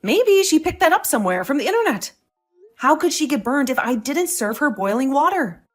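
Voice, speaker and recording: A woman plays a wronged young wife who answers back with sarcasm and indignation. Her voice is high and moves freely up and down. Faint music plays behind her. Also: very animated, a little fast. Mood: defiant. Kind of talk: voiced drama story.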